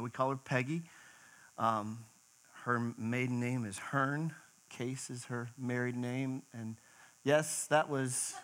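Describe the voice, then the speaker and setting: A middle-aged man giving an emotional church talk, speaking haltingly with many fillers and restarts, his voice wavering. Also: mid-range voice, bright, forceful tone, low-quality recording.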